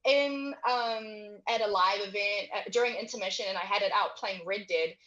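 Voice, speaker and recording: A woman's voice: mid-range voice, moderate pace, a bit bright, muffled recording. Giggly woman guest on a video call. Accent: non-native English accent. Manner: giggly, trailing off with fillers. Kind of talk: casual interview chat. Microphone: headphones on a video call.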